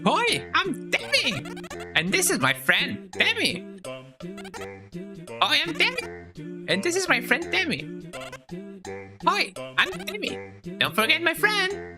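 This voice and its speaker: Give me a tiny hyper-cheerful creature with broken grammar. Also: male voice, very high-pitched, wildly swooping pitch, slow pace, long pauses, music in the background, voice pushed up, exaggerated voice. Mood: squeaky cheerful. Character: tiny excitable cat-like shopkeeper creature, childlike.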